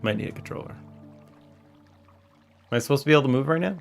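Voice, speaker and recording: A man giving casual let's-play commentary as he streams a game, excitable and yelling at the characters in mock outrage. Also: medium pitch, quick pace, creaky, faint music behind.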